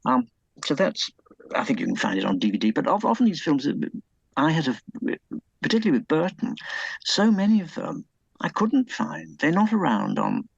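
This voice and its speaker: A man's voice: on the high side, big pitch swings, moderate pace, gravelly, breathy edge, no room sound, highs cut off. A man being interviewed about his book, hesitant and full of fillers and restarts, enthusing about old films. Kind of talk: conversational interview.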